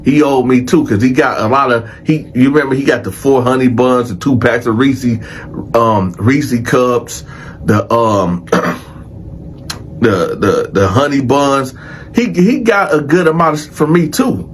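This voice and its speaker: A man telling a prison story in a casual, animated and profane way, addressing his audience directly. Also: mid-range voice, unhurried, slight background noise. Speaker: storyteller host.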